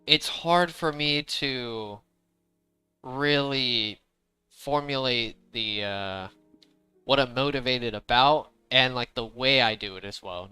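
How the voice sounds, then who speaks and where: Bright, crisp-voiced young man rambling. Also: medium pitch, no echo, poor audio. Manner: rambling, repeats "to be honest"; deliberately speaking up loudly. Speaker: gaming streamer. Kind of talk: casual chat while playing. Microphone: desk microphone.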